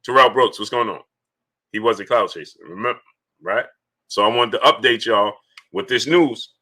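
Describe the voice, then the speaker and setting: A man hosts a casual sports livestream, reading Super Chats, greeting viewers by name, and repeating himself as he talks. His voice is lowish, bright, and forceful, at normal speed.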